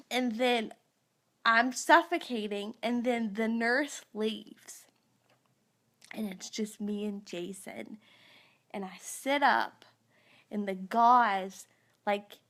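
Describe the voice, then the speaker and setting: Woman in her thirties, slow rambling storyteller. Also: mid-range voice. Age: 30s. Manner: rambling, animated, groggy after surgery. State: mouth sore after dental surgery. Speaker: vlogger. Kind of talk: casual storytelling. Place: live stream recorded on a phone.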